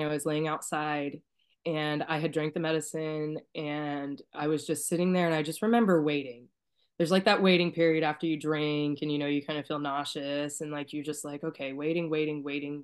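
A woman guest sharing a personal story in a soft-spoken, emotional way, sometimes near tears and trailing off quietly. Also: low-pitched. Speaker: podcast guest.

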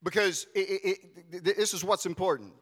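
A man preaches in a big church, his voice high and bright. He talks loosely and directly to the people in the pews. The sound carries a long hall reverb. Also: brisk, husky. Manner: animated, conversational, addresses congregation directly. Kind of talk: sermon. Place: church sanctuary.

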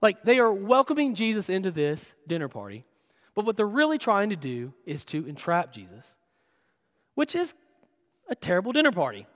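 High-voiced pastor in reverberant church. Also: male voice, big pitch swings, moderate pace. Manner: conversational storytelling, self-deprecating. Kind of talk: sermon. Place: church sanctuary. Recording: long church hall reverb.

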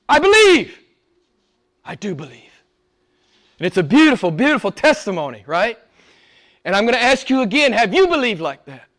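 Pastor preaching, male, high voice; emphatic, questioning, swings from loud to near-hushed. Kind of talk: sermon.

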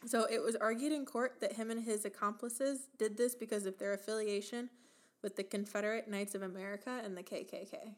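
A woman co-hosting a casual podcast, her voice sitting in an ordinary middle range. She reads items off a list in an even, chatty way and breaks into laughter often. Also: mid-range voice, fairly quick. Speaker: podcast co-host.

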